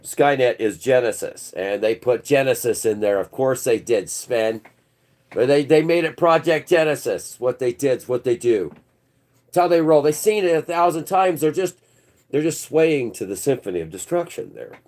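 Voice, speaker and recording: A man's voice: mid-range voice, lively intonation, moderate pace, a little mellow. Man, channel host, mid-range voice, rambling conspiratorial livestream rant, keeps saying bro. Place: indoors.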